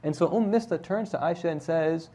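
Male teacher with a slightly raised pitch, relaxed storyteller, keeps the lesson chatty and engaging. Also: fairly quick. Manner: conversational, often adds "right?" to check with listeners. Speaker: religious teacher.

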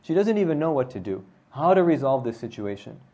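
A man's voice: mid-range voice, sing-song, fairly quick, dark tone, highs cut off. Man retelling a story in a lesson. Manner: conversational, often adds "right?" to check with listeners. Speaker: religious teacher.

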